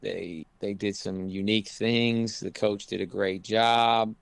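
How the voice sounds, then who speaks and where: A man's voice: on the low side, fairly even intonation, slow pace, creaky, clear, resonant tone, no echo. A man who coaches college basketball, talking casually in an interview and rambling with lots of "you know" fillers.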